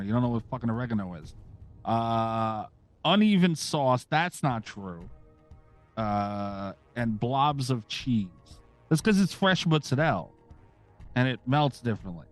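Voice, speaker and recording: A man's voice: medium pitch, animated, measured pace, soft background music. A middle-aged man hosting a podcast, chatting casually, ranting sarcastically and swearing freely. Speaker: podcast host.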